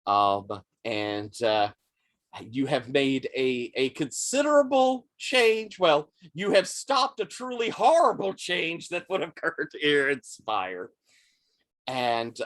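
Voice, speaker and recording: A male game master narrates a tabletop roleplaying scene in a measured, descriptive style. He speaks slowly and evenly at a mid pitch. The recording is dry and close. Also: fairly bright tone, no echo.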